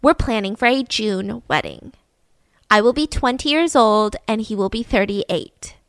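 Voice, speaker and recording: A woman's voice: on the high side, expressive, measured pace, fairly bright tone, no room sound, clean studio sound. Headstrong young woman, as a female narrator puts her on. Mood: defiant. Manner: blunt, bold declarations.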